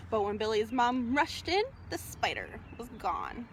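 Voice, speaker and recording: A woman's voice: a little high, big pitch swings, measured pace, hardly any pauses, slight background noise. A woman hosting a children's storytime outdoors, singing and reading in a cheerful sing-song manner, recorded on a phone resting on a small table. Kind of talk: live storytime with songs and picture-book reading.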